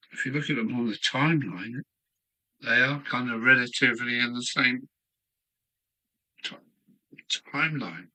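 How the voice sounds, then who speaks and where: A man's voice: mid-range voice, fairly even intonation, unhurried, pauses often, bright, forceful tone, poor audio. An older man from England, musing aloud to himself in a rambling live-stream chat from his home hobby room. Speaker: model railway streamer.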